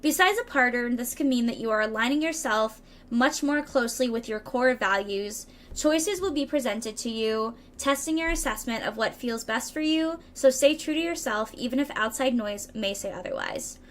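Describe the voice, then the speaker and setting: A woman's voice: fairly high pitch, expressive, moderate pace, hardly any pauses, a bit bright. A woman streaming a tarot reading, reading card meanings aloud and chatting playfully with her viewers, often tripping over words and laughing at herself. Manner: chatty, playful, reads card texts aloud and riffs with chat.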